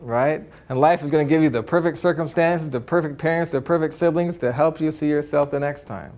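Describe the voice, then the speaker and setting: A man's voice: a little high, brisk, darkish tone. A man giving a spiritual talk to an audience, earnest and upbeat, often tagging his points with "right?" and breaking into chuckles. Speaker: spiritual teacher.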